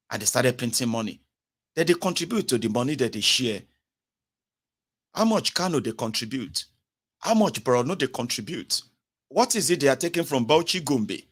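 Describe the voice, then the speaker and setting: A man with a Nigerian accent delivering a sarcastic, mocking political commentary vlog rant. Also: medium pitch. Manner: sarcastic, mocking rant mixing Pidgin and Yoruba.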